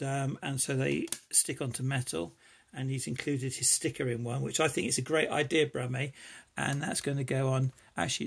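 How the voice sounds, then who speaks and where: Gravelly man, eager unboxing chat. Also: mid-range voice, slight background noise. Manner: enthusiastic, rambling, grateful. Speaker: lockpicking hobbyist vlogger.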